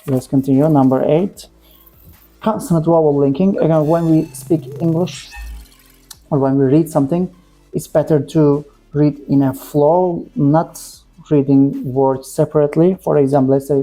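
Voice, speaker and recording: A man teaching English pronunciation, saying example words slowly and repeating them, with short, plain corrections. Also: on the high side, warm tone, soft background music. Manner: simple, direct phrasing with plain corrections. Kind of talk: pronunciation lesson.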